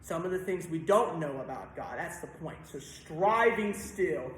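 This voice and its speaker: In a very echoey church sanctuary, a man with a slightly high voice speaks at normal speed. He directs a choir rehearsal, breaking into song to demonstrate and frequently stopping to correct the singers.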